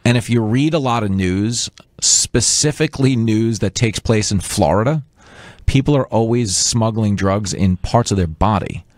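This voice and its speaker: A male comedian guest on a radio talk show, riffing animatedly with quick jokes and asides. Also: fairly low pitch, a little mellow, no room sound, clean studio sound. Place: radio studio.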